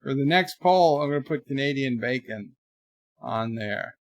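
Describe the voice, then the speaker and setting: On a live stream, a man reads his viewers' chat messages aloud, rambling and chatty, trailing off quietly at times. His mid-range voice has lively intonation at a normal speed, captured in clean studio sound with no echo.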